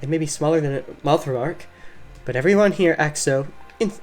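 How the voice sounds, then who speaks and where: A woman voicing a gentle, kind queen who speaks softly and from the heart. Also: sits low, fairly quick, faint music behind, lightly acted. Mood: wistful.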